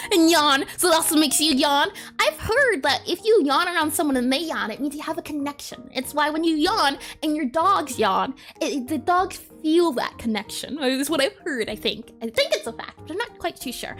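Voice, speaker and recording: A woman with a high, bouncy voice chats casually on a drawing stream and giggles often. She reads viewer comments aloud and answers them. Soft music plays behind her. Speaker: art streamer. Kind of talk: casual live-stream chat while drawing.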